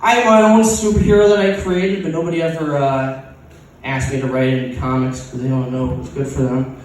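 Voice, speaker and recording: A man's voice: medium pitch, steady tone, brisk, a little mellow. Crude, rambling man in an echoey room. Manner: crude, sarcastic, rambling with fillers and restarts. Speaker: stand-up comic. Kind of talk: open mic stand-up set. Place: open mic comedy venue. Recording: echoey room miked from a distance.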